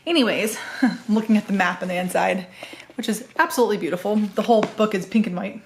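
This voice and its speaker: A chatty woman from the American Northwest talks through the book she is reading, rambling along with plenty of ums. She restarts her sentences and corrects herself as she goes, in a casual vlog voice of middling pitch. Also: fast talker, slight background noise. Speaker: book vlogger. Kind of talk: casual chat.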